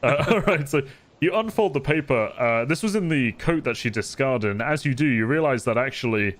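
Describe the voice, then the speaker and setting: Relaxed man narrating as game master. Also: medium pitch, a little fast.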